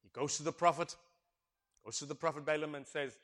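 A male preacher retelling a story in a sermon, acting out the characters and asking the congregation questions, swinging from hushed tones to loud exclamations. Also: fairly high pitch, steady tone, a little fast. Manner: dramatic, swings from hushed to shouting, acts out characters.

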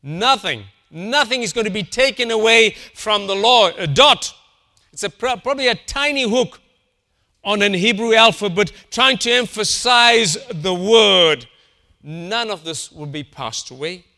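Preacher guy, high bright voice, goes soft and slow then gets loud and pushy. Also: expressive. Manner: swings from quiet, slow emphasis to loud, rising insistence. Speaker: pastor. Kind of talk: sermon.

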